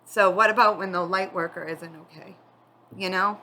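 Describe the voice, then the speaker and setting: A woman giving a spiritual tarot reading, tearful and crying as she talks in a candid, halting, confiding way. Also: medium pitch, steady tone, bright, forceful tone, low-quality recording. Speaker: tarot reader.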